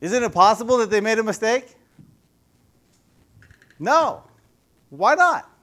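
A man with a high voice gives a relaxed, chatty sermon as a youth pastor. He keeps turning to the congregation with questions, speaking from a church. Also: slow. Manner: conversational, asks the audience many questions.

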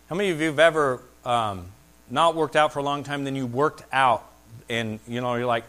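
A middle-aged male pastor preaching a sermon, swinging between loud, excited peaks and hushed, quiet asides. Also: mid-range voice, normal speed.

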